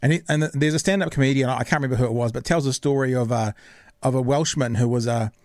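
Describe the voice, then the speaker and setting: Chatty podcast host, dry sound. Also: male voice, medium pitch, quick pace, darkish tone, no room sound. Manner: rambling, searching for words. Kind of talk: casual chat.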